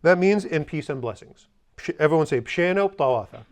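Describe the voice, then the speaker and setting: A man's voice: a little high, brisk. A man teaching a language class, drilling phrases with the students and adding joking asides.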